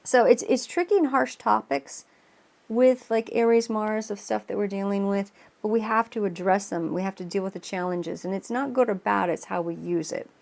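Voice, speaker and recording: A woman's voice: mid-range voice, normal speed, gravelly, a little mellow. A woman tarot reader explaining astrology in a casual, rambling way, with many restarts and an earnest tone. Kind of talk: casual spoken astrology reading.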